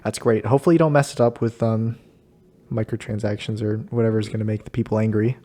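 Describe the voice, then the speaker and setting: A man's voice: fairly low pitch, fairly even intonation, quick pace, dark tone. A man hosting a casual chat with a friend, easygoing and laughing often. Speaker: host.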